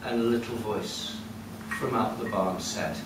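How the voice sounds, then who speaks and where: A man telling a folk tale live at a storytelling cafe, lively and conversational with asides to the audience. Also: fairly low pitch, measured pace, distant mic. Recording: echoey room heard from afar with noise.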